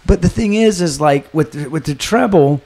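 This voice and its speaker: A man's voice: a little high, expressive, moderate pace, darkish tone. A man hosting a podcast in casual chat, rambling and joking with frequent laughter. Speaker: podcast host.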